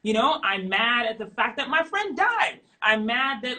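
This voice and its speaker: A middle-aged woman speaking candidly as an interview guest, emphatic and animated, repeating her points for stress. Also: high voice, normal speed, few pauses, rough recording.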